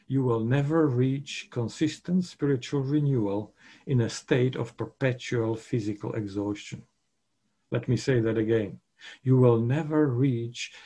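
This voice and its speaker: Guy preaching a sermon, kinda husky breathy voice, medium pitch, hammers his points twice. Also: dark tone. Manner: emphatic, repeats key points.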